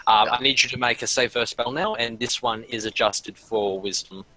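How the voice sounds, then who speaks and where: A man's voice: mid-range voice, moderate pace, pushed and bright, no echo, rough recording. A man running an online tabletop game as game master, explaining rules with many hesitant ums.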